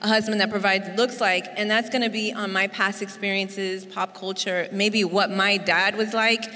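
A woman's voice: medium pitch, little pitch movement, normal speed, sharp tone. A woman co-leading a sermon in a chatty, conversational way with many fillers. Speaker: co-speaker at a sermon. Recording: long reverb in a large church hall.

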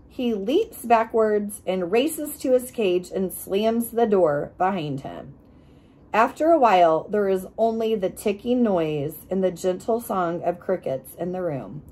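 A woman reading a children's chapter book aloud, expressive and acting out the sound effects. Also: mid-range voice. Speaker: reader.

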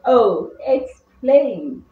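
A woman's voice: fairly high pitch, big pitch swings, drawn-out words, phone-quality sound. A young woman from Kenya hosting a casual, playful question-and-answer chat with a friend. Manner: giggly, playful, teasing. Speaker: host. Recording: echoey room, distant mic, faint hiss.

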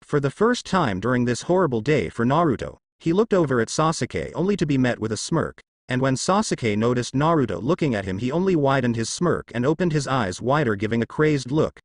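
A man narrating a fan fiction story in a lively storytelling manner. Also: medium pitch, a little fast, few pauses, no room sound, clean studio sound.

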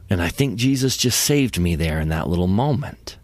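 Male podcast guest, low-pitched and unhurried, earnest and emotional scripture storytelling, dry studio sound. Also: animated, dry recording. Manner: earnest, emotional, drops to soft hushed tones. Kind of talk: devotional storytelling.

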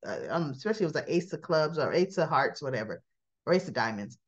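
A woman's voice: sits low, very animated, fast talker, highs cut off. A woman recapping a soap opera episode in a casual, chatty way, acting out the characters' lines and laughing as she goes. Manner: laughs often while talking.

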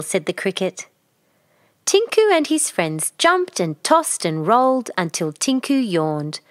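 A woman reading a children's picture book aloud in a gentle, expressive storytelling way. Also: fairly low pitch, unhurried, no room sound, studio quality.

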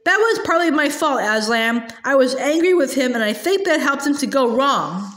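A woman's voice: high-pitched, expressive, moderate pace, fairly bright tone. A woman reading the part of an earnest young boy, the eldest brother in a storybook, her voice lifted a little, in a roomy-sounding recording. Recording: roomy echo.

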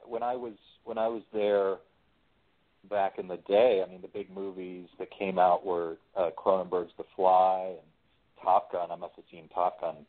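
This interview guest has a low voice and an easygoing, unhurried manner, like a working writer and voice actor. He restarts his sentences often while chatting, and the audio is thin and phone-like, with lows and highs cut.

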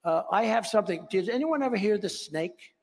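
Older guy at a big conference giving a rally speech, fairly high voice, lots of hall echo, repeats himself a lot. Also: expressive, a little fast. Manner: repetitive, emphatic, with conversational asides. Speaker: political speaker. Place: large conference venue.

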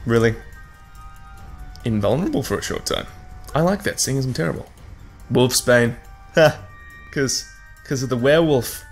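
A man's voice: medium pitch, animated, normal speed, long pauses, soft background music. A man hosting a let's play, giving sarcastic, swearing running commentary on a game as he plays it. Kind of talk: gameplay commentary.

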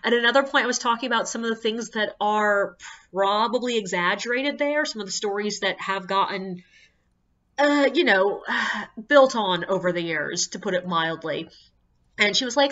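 Woman, tour guide, casual storyteller, sharp bright tone, slightly muffled recording, exasperated and swears. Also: normal speed. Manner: animated, acts out guests in high squeaky voices.

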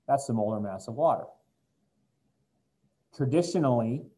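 Mellow-voiced joking chemistry teacher, man. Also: medium pitch, poor audio. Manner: jokey, chatty, talks straight to students. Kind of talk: recorded classroom lecture.

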